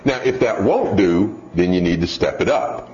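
A middle-aged man preaching a sermon, telling stories and acting out voices in an animated way. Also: deep voice, normal speed. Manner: animated storytelling with acted-out voices. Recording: dull roomy hall sound, faint noise.

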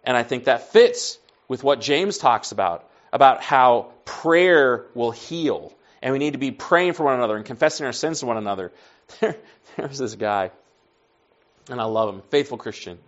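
A man preaches in a loose, conversational storytelling style. He acts out bits of dialogue and often drops to a soft aside. His voice is mid-pitched, and the recording sounds a little dull. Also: lively intonation, normal speed. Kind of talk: storytelling sermon.

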